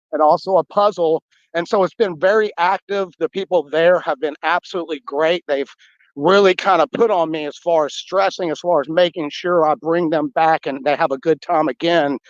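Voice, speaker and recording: A man's voice: on the high side, darkish tone, no echo, dull audio. A man with a Southern drawl, co-hosting a podcast and talking casually about puzzles and giveaways. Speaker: podcast co-host running puzzles. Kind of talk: casual chat.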